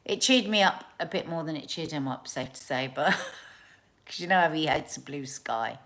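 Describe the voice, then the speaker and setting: A woman's voice: deep voice, expressive, normal speed, fairly bright tone, low-quality recording. A middle-aged woman hosting a casual live stream, chatty and effusive, greeting viewers by name and calling them darling. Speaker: host of a live online chat show.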